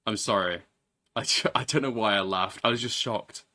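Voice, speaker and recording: A man's voice: on the low side, normal speed, pushed and bright. A man casually commenting on a live stream, swearing and rambling as he repeats himself.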